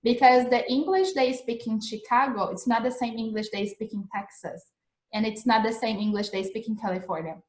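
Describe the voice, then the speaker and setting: A woman's voice: on the high side, fairly even intonation, moderate pace, darkish tone. Chatty woman teaching in an echoey room. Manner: chatty, repeats phrases, frequent "like" and "right?". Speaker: English teacher. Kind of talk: casual live-streamed lesson. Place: home in Australia.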